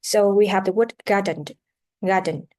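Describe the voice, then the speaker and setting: A woman teaching a pronunciation lesson, pausing on fillers and repeating sounds and words for students to practise. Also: mid-range voice, steady tone, darkish tone.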